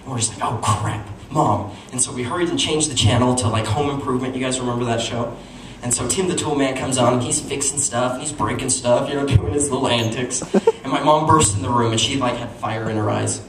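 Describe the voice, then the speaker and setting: A man performing a stand-up comedy story at a small live show, animated and breaking into squeaky voices for his characters. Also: fast, hardly any pauses. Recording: echoey room, distant mic, noisy.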